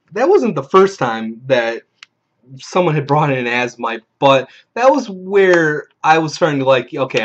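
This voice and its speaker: A man with a slightly high, somewhat bright voice hosts a video, rambling through a profane story from a tabletop game and acting out the players he quotes. It's recorded in dull lo-fi.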